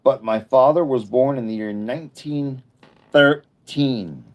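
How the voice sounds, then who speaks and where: A man's voice: medium pitch, unhurried, highs cut off. A man in his fifties chatting casually on a livestream, rambling through jokey asides as he reads and answers comments. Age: 50s. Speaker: livestream host.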